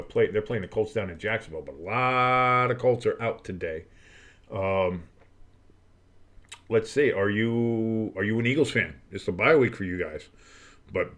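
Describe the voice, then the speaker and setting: A man from America calling a football game live for a stream, chatting with viewers between plays, blunt and swearing, breaking into loud excitement at times. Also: fairly low pitch. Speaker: play-by-play streamer. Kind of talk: casual live play-by-play and reaction.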